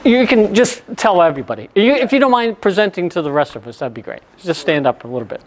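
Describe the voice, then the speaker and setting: Older guy running a workshop, kinda high voice, rambly storyteller with quick asides. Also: sing-song. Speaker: workshop presenter. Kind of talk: conference workshop talk. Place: conference room.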